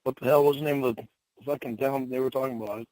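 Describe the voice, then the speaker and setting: Gruff, swearing man on the phone. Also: mid-range voice, steady tone, fast, mellow, a little hiss or hum, low-quality recording. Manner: gruff, profane, confused. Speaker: call recipient. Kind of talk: phone conversation.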